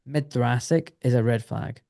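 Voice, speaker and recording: A middle-aged British man with a gravelly, medium-pitched voice speaks at a moderate pace. A former doctor, he tells his story as a podcast guest, casual and animated, swearing freely and acting out other people's voices. The audio is studio quality with no room sound.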